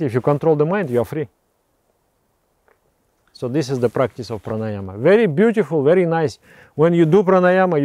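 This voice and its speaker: Halting, mellow-voiced male meditation teacher. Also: fairly high pitch, no room sound. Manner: halting, repeats words and restarts phrases. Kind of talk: explaining meditation practice.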